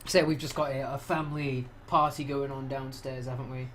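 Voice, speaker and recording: A man's voice: mid-range voice, flat delivery, brisk, fairly bright tone. Sweary young Englishman with an English accent. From England. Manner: swearing, mimicking voices, laughing at his own jokes. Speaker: game master host. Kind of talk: casual banter between game sessions.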